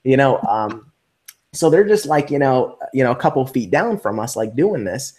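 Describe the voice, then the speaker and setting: A man's voice: mid-range voice, normal speed. A man telling a story casually in an interview, full of fillers and acted-out quotes. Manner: animated, acts out quoted voices, many fillers. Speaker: interview guest.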